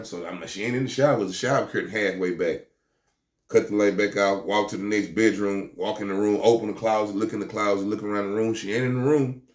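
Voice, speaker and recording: A man's voice: lowish voice, roomy sound. A man telling a first-person street story in casual slang, often restarting his words and acting out what others said. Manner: stammering restarts, slangy, acts out the voices of others.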